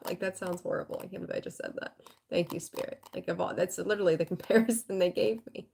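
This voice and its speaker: A woman's voice: on the low side, fairly even intonation, quick pace, gravelly, a little mellow, a little hiss or hum. A woman giving a live tarot reading in a frank, rambling way, swearing casually and greeting viewers. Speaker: tarot reader.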